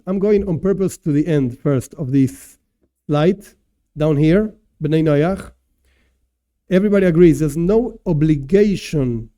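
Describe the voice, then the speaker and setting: A man's voice: fairly high pitch, warm tone. A man teaching as a rabbi in a casual class with slides, talking loosely with many asides and repeated fillers, and chuckling at his own examples. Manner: casual and repetitive, peppered with "whatever" and "et cetera". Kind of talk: informal lecture with slides.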